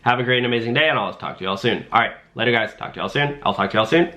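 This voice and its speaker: A man's voice: mid-range voice, lively intonation, racing, pushed and bright. A young man rambling jokily in a casual vlog, with lots of fillers as he talks to his viewers. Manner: rambling, jokey, full of fillers like "like" and "um". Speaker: rideshare driver and vlogger.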